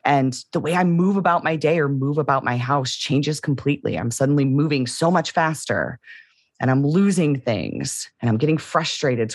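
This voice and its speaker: A woman's voice: sits low, no room sound, studio quality. A woman co-hosting a podcast, talking candidly and reflectively in casual conversation. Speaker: podcast co-host.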